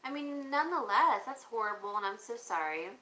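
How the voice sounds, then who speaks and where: A woman's voice: fairly high pitch, lively intonation, fairly quick, bright, forceful tone. A woman hosting a livestream auction, chatting casually and rambling while she answers viewer comments. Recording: echoey room with faint background noise.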